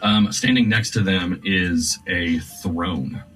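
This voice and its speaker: A man narrating scenes as game master of a tabletop game, describing them slowly with many fillers. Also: low voice, a bit bright, breathy edge. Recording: distant mic with faint music.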